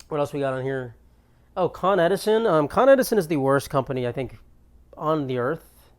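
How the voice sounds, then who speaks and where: A man's voice: mid-range voice, smooth. Young male comic host, ranting and exasperated, swears freely, solo bit from his apartment. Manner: ranting, exasperated, profane storytelling. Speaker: comedian podcast host. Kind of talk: solo comedic monologue.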